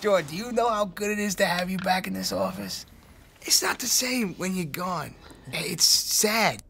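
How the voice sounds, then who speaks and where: A brash male stockbroker, gravelly and sharp-edged, with a thick Long Island accent. The voice sits high for a man and rasps as it goes, loud and gushing one moment and hushed and theatrical the next. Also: measured pace, heavily acted. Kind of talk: film acting.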